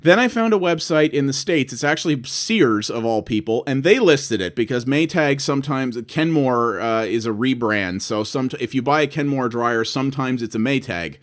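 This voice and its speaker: A man's voice: mid-range voice, expressive, normal speed, hardly any pauses. A man in his thirties, from Canada, ranting about bad customer service, swearing and acting out both sides of his phone calls. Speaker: vlogger. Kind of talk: ranting monologue.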